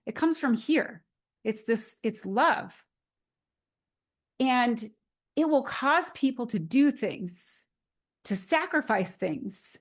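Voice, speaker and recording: A woman in her forties giving a casual motivational talk to the camera, retelling movie scenes in a chatty storytelling way. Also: on the high side. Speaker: motivational speaker.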